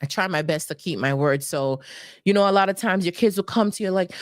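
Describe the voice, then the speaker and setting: A woman speaks in a motivational personal talk with a lowish voice. She is earnest and emphatic, circling back to key phrases. The sound is close and dry, with no room echo. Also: a little fast. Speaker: host.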